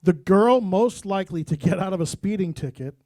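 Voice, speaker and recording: A male radio host running a party game in a casual interview. He is encouraging and reads the prompts out slowly. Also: high voice, warm tone, no room sound, clean studio sound.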